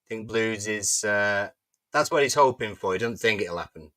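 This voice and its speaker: A man co-hosting a football fan chat, reading out predicted lineups in a relaxed, stop-start way. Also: fairly low pitch, normal speed, dry recording. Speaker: podcast co-host.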